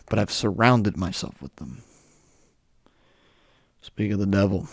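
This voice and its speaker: A young man with a hoarse voice from a cold, ranting bluntly in a solo podcast monologue. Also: on the low side, normal speed, pauses often, no room sound, clean studio sound. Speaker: podcast host.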